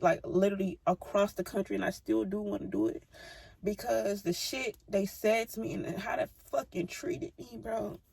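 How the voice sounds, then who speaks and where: Gravelly-voiced young woman telling a story. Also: mid-range voice, mellow, dry recording. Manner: blunt, profane and heated. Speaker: vlogger. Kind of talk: casual storytime.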